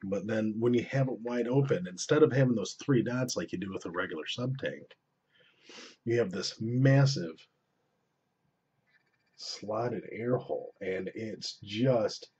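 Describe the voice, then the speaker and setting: A man's voice: fairly low pitch, a little slow, darkish tone, breathy edge. A young man giving a casual, rambling, profane review of vaping gear at home, often breaking off mid-sentence. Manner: rambling, profane, self-interrupting. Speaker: vlogger reviewing vape gear. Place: indoors at home. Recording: dull lo-fi camera audio.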